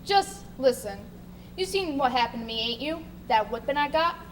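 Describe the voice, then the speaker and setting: A woman's voice: high-pitched, expressive, moderate pace. A woman playing a bitter, rebellious male sailor with coarse, crude talk in a live stage play. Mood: furtive, urgent. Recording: stage recording with faint noise.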